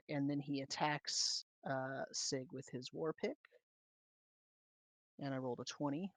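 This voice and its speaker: A man running a tabletop game in a slow, unhurried narrating voice. The sound is dry and close, with little room around it, and he laughs along with his players. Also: mid-range voice, little pitch movement, fairly bright tone, dry recording. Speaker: game master.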